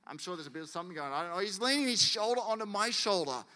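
Aussie pastor preaching, lively, acts out stories, fairly high bright voice, big church echo. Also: male voice, racing. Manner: animated, acts out quotes and anecdotes. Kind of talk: sermon. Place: church hall. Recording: long church hall reverb.

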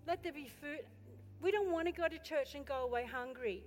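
A woman pastor preaching a sermon with passion, building to loud exhortation and turning to the congregation with chatty questions and asides. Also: high voice, a little fast. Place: church. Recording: echoey hall with faint music.

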